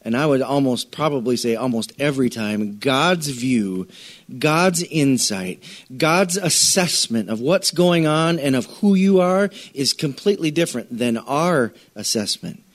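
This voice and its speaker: A man's voice: medium pitch, animated, unhurried. A middle-aged man preaching a sermon in a conversational way, acting out scripture scenes and speaking straight to the congregation. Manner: conversational preacher, acts out scripture voices, addresses congregation directly. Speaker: pastor.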